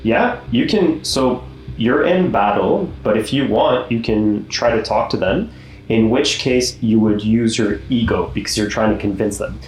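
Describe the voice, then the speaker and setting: A low-voiced man runs a tabletop game at an unhurried pace, explaining the rules patiently and laughing often. His voice rings in an echoey room with faint music behind. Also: a little mellow, slight background noise. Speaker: game master.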